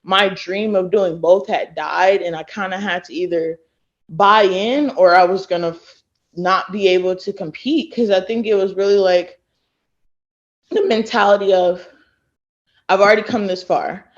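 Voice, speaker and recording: Animated young woman telling stories, lo-fi. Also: medium pitch, measured pace. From Texas. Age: late 20s. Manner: animated storyteller who acts out quoted people. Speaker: guest, former college thrower. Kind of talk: casual podcast interview. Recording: dull lo-fi sound.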